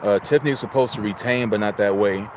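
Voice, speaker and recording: A man's voice: lowish voice, fast talker, noisy background. A man from Illinois hosting a casual livestream, chatting, greeting viewers and reading out their chat messages. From Illinois, United States. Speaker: livestream host.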